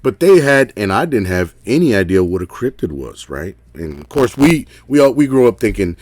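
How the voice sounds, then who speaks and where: A man's voice: fairly low pitch, very animated, normal speed, a little mellow, no room sound. A middle-aged man tells a story in a casual, rambling way, full of fillers and asking "right?". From Texas. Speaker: caller sharing an encounter.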